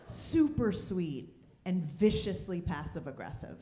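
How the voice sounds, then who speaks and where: A woman's voice: lowish voice, normal speed, dark tone, slight background noise. A woman doing a stand-up comedy set on a comedy club stage, landing dry, sardonic punchlines. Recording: roomy club sound.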